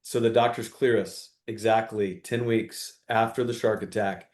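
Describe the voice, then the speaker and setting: A middle-aged man, a father, telling a story in an interview with earnest warmth and acting out quoted dialogue. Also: fairly low pitch, steady tone, measured pace. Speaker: guest, father.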